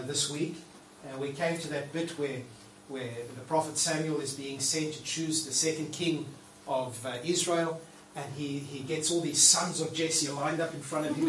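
Male preacher, high-pitched, lively sermon, miked from a distance in a roomy hall. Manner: conversational, animated preaching with quoted voices. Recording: roomy hall from far off, faint noise.

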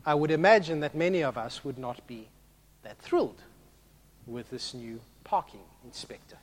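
A man preaching a sermon as a pastor, animated and swinging from hushed to loud. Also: mid-range voice, moderate pace.

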